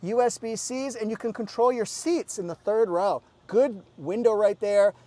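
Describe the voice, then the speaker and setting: A man's voice: high voice, normal speed, dark tone. A middle-aged man giving an upbeat, enthusiastic walkaround review of a car at a dealership, exclaiming as he points out features.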